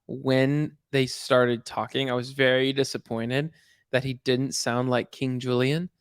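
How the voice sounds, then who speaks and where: A man's voice: mid-range voice, level tone, a little slow, clear, resonant tone, dry recording, studio quality. A man co-hosting a podcast in casual chat, rambling and hesitant, often correcting himself. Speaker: podcast co-host.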